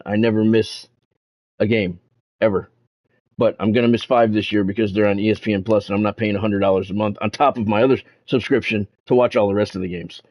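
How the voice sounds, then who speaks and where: A man's voice: on the low side, a little mellow. A man casually commentating his baseball video game on a live stream, chatting with viewers by name and swearing when annoyed. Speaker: gaming streamer.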